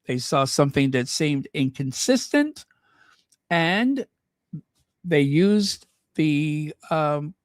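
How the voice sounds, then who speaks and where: A man's voice: fairly high pitch, expressive, slow, no room sound, clean studio sound. A man hosting a commentary channel, reading news aloud with chatty, sarcastic asides to his viewers. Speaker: royal commentary channel host.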